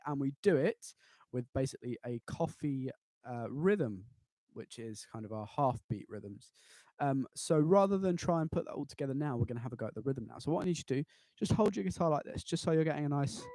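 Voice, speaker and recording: A man's voice: medium pitch, mellow, no echo. Encouraging male guitar teacher, dry close voice. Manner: encouraging, patient, counts students in; chants rhythm syllables in time. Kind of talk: live online guitar lesson. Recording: guitar playing behind voice. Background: acoustic guitar.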